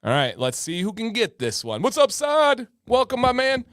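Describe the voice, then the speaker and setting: A man's voice: extremely high pitch, huge pitch swings, moderate pace, a bit bright, no echo, studio quality. A man hosting a casual livestream, chatty and joking, greeting viewers by name, with a slightly sore throat. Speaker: livestream host.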